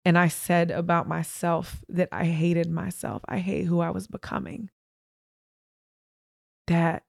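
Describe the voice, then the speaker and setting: A woman's voice: lowish voice, gravelly, dry recording, studio quality. A young woman hosting a podcast, frankly and emphatically telling a personal story straight to her listeners. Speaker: podcast host. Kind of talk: candid personal storytelling monologue.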